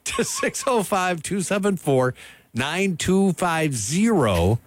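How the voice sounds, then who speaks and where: Lively man hosting morning radio. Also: high voice, slow pace, no room sound. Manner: joking, reads contest details and weather. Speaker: radio morning show host. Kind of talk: casual on-air banter and announcements. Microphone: studio broadcast mic.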